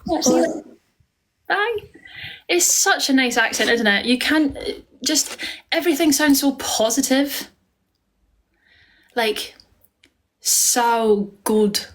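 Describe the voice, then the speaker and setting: A woman's voice: sits high, expressive, moderate pace, fairly bright tone. Gushing Scottish woman chatting live. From Scotland. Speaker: livestream host. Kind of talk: casual livestream chat.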